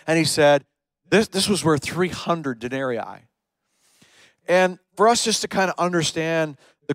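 A man preaching a sermon as a pastor, telling the story in a lively way and swinging between hushed lines and emphatic ones. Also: on the high side, clear, resonant tone, no echo.

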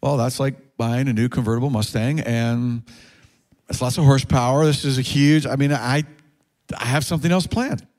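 A man preaching a sermon as pastor, earnest and emphatic, rising in pitch when he stresses a point. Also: fairly even intonation, moderate pace, darkish tone.

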